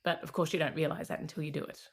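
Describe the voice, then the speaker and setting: A woman's voice: low voice, little pitch movement, very fast, slightly rough. A woman in her thirties with an Australian accent, a guest telling candid personal stories in a casual interview, often laughing and restarting her sentences. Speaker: guest, comedian and radio host.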